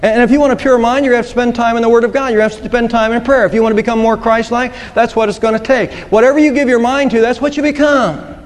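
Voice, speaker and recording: A man's voice: very high-pitched, fairly even intonation, quick pace, hardly any pauses. A man preaching a sermon in an earnest way, quoting scripture and telling a story to a congregation. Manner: earnest, storytelling with quoted voices. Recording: long hall reverb.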